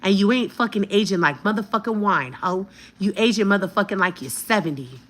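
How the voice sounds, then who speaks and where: A woman's voice: mid-range voice, animated, a little fast, fairly bright tone. A woman in her fifties telling a heated story to her viewers, blunt and profane. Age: 50s. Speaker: vlogger.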